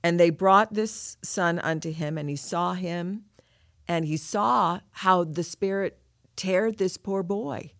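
Taking it slowly, a lowish-voiced woman talks through a scripture passage with heartfelt earnestness as a podcast co-host. Her reflective teaching comes across in a dry, clean studio recording.

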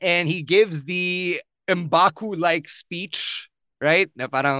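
A man's voice: on the high side, slow, sharp tone, smooth, no room sound, studio quality. A man hosting a podcast, leading segments and teasing his co-hosts in casual chat. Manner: leads the segments, teasing questions. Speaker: podcast host.

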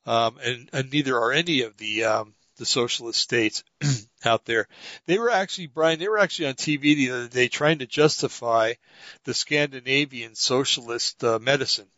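A man's voice: mid-range voice, moderate pace, bright, forceful tone, no echo. Talk-show co-host, male, tense edgy voice, chatty storyteller, dry close mic. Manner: rambling storyteller, many fillers and restarts. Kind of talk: casual political talk. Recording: dull lo-fi audio.

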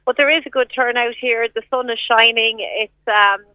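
A woman's voice: fairly high pitch, steady tone, normal speed, no echo, muffled recording. A woman with an Irish accent giving a live field report in a conversational, slightly hesitant way with fillers. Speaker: news reporter.

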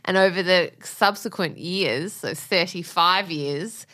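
A woman's voice: lowish voice, slow, fairly bright tone. A woman in her thirties co-hosting a podcast, chatty and swearing, laughing often. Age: 30s. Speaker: podcast co-host. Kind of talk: casual chat.

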